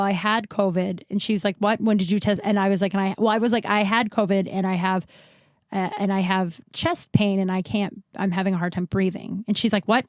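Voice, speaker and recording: In a mid-range, darkish voice with no room sound, a female podcast host rambles through a lengthy personal story. She curses occasionally and imitates the people she quotes. A slight breathlessness hints that she's getting over an illness.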